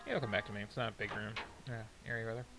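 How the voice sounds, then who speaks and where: A man's voice: lowish voice, fairly even intonation, racing, creaky, rough recording. A man giving rambling, wry and self-deprecating commentary while streaming a video game. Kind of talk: casual gameplay commentary. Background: game music.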